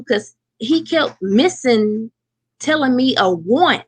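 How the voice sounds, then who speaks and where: A woman co-hosting a casual chat, telling stories in an animated way with lots of exclamations. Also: on the high side, a little slow, creaky, husky, dry recording. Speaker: co-host.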